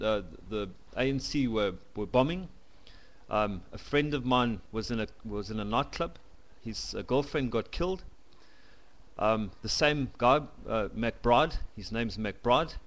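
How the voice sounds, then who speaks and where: A South African vlogger with a mid-range voice speaks to camera into a home camcorder. His monologue is blunt and opinionated, delivered haltingly.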